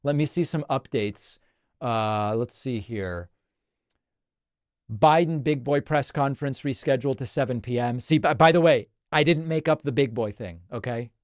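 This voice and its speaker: A man's voice: medium pitch, moderate pace. A chatty male host from Argentina runs a casual live stream and reads viewer comments aloud. He speaks in an everyday mid-range voice. The sound is close and dry, with no room echo.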